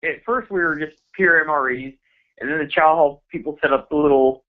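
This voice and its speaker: A man co-hosting a radio show, telling a war story in a blunt, profane, deadpan way. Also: a little high, a little fast. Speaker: radio co-host. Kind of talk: casual chat. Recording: dull lo-fi radio show audio.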